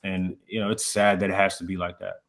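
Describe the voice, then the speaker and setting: A man hosting a podcast, speaking calmly and reflectively in a casual interview conversation. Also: deep voice, a little fast, creaky. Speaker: podcast host.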